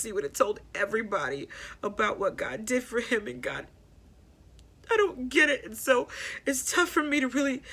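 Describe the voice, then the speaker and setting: A woman hosting a personal grief podcast, talking candidly and haltingly, repeating herself as she works through her thoughts. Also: medium pitch, a bit bright. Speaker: podcast host.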